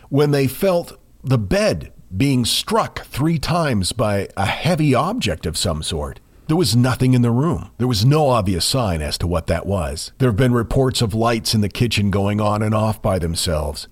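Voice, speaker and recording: A man co-hosting a podcast, telling a ghost story in a measured way with dramatic pauses. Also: mid-range voice. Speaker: podcast co-host.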